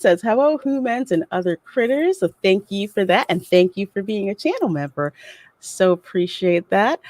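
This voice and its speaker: A woman's voice: mid-range voice, no echo. A woman hosting a casual livestream, chatty and laughing often as she greets viewers by name and reads their messages. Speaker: livestream host reading chat.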